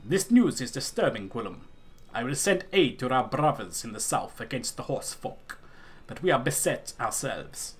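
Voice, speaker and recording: A man voicing a proud, wary tribal chieftain, reading game dialogue in a gruff, skeptical, weighty way. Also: mid-range voice, big pitch swings, moderate pace.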